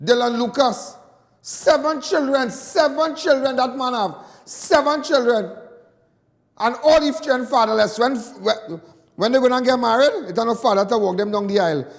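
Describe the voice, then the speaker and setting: High-voiced, impassioned Trinidadian man ranting. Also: normal speed, creaky, long reverb tail. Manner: impassioned, repetitive, indignant. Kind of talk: call-in talk radio rant.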